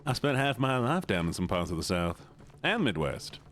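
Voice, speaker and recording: A man's voice: on the low side, sing-song, normal speed, a bit bright, soft background music. A man streaming casually while gaming, joking around and slipping into a folksy drawl. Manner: jokey, goofy, lapses into a put-on folksy drawl.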